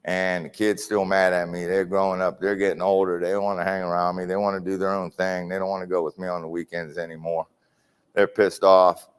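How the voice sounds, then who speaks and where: A man's voice: low voice, level tone, fairly quick, smooth. A middle-aged man giving a candid recovery testimony, repeating phrases for emphasis as he tells his story. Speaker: recovery speaker. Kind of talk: personal testimony talk. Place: correctional facility hall.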